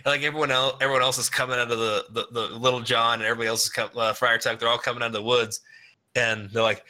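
A man chatting casually, animated and ranting, laughing often. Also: mid-range voice, fast. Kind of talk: casual chat.

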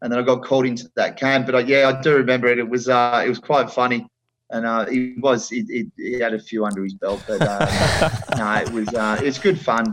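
A man's voice: medium pitch, low-quality recording. A middle-aged man, a former footballer, talking bluntly and passionately in a casual interview, often restarting his sentences.

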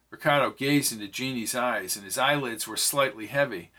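A man's voice: medium pitch, moderate pace, hardly any pauses, sharp tone. A man narrating a novel aloud, reading every character's lines in his own voice. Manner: reads all the characters' dialogue in his own voice. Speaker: audiobook narrator. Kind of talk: scripted narration.

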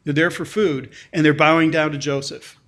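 Guy pastor giving a sermon, kinda high voice, talks casual w lots of restarts. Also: fairly even intonation, normal speed, a bit bright. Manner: conversational, frequent restarts and repeated words; reads scripture passages aloud with lifted emphasis.

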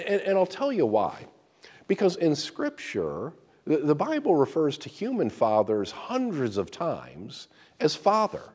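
A man's voice: medium pitch, a little mellow, in a large hall. A man preaching a sermon as pastor, emphatic and often repeating words as he restarts.

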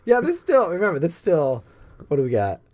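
A man's voice: fairly high pitch, huge pitch swings, brisk, a little mellow. A man running a tabletop role-playing game as game master, loose and joking, with some swearing.

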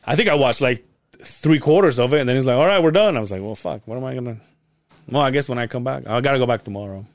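Talking fast in a medium-pitched voice, a young man co-hosts a podcast, captured in a dry recording. He spins a long, easygoing story packed with cursing and animated quoted voices.

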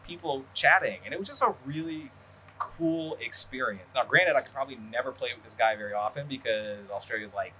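A man's voice: mid-range voice, brisk, bright, forceful tone, a little hiss or hum. A man hosting a podcast who talks in a rambling, casual way. He swears often and fills his talk with ums and likes. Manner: rambling, profane, lots of fillers. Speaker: podcast host. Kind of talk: casual chat.

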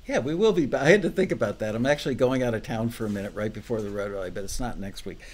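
Relaxed male host chatting about songwriting. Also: fairly low pitch, rapid-fire. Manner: relaxed, storytelling with filler words. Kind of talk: casual chat about songwriting.

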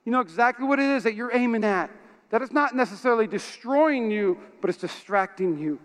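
Man, pastor, high voice, smooth, animated sermon, church hall reverb. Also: a little fast. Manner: energetic, animated storytelling with call-outs to the congregation. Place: church auditorium.

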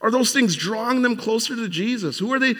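A man with a fairly high voice preaches a sermon in a church sanctuary, talking conversationally and often restarting his sentences. He presses his points with strings of rhetorical questions, and his voice rings out with a long reverb from the hall. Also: lively intonation, brisk, fairly bright tone. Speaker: pastor.

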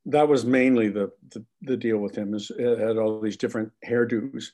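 A man being interviewed, telling animated, profane stories about his acting work with plenty of laughter. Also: fairly low pitch, moderate pace. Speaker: actor guest. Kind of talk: casual anecdotal storytelling.

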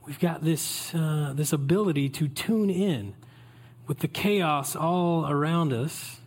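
A man preaching a Christmas Eve sermon as pastor, in a relaxed, conversational way that invites the congregation in. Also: a little high, takes it slowly.

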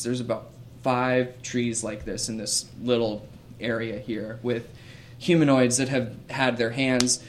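Male game master, mid-range voice, relaxed descriptive narration. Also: medium pitch, slight background noise.

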